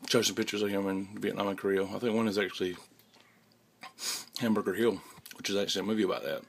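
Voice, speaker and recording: Young man, low gravelly voice, halting casual vlog to camera. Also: flat delivery. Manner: halting, many restarts and fillers. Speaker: vlogger. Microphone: handheld camera mic.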